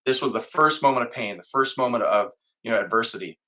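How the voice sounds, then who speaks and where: A man's voice: medium pitch, quick pace, pushed and bright. A middle-aged man, a guest on an interview show, earnestly telling a personal story and acting out his own inner voice.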